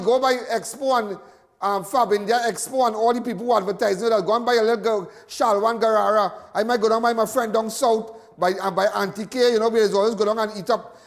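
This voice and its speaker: Trinidadian male host, very high voice, long reverb, folksy live commentary. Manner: folksy, preaching, repeats phrases. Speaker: talk show host.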